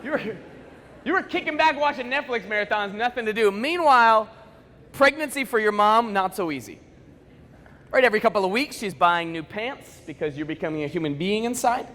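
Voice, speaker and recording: A bright, high-pitched man speaks to a school assembly in a big echoing hall, and the long reverb trails after his words. He jokes and acts out quick snatches of dialogue as he tells his stories. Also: animated, a little hiss or hum. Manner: playful, joking storyteller acting out quick dialogue. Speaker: motivational speaker.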